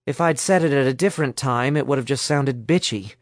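A man voicing a blunt, sharp-tongued young woman who speaks matter-of-factly, in a storybook reading. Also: mid-range voice, fairly quick, no room sound, studio quality, lightly acted.

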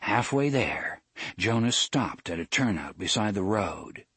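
Brief: male audiobook narrator, husky, expressive storytelling with animated pitch. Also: unhurried, dry recording. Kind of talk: scripted narration.

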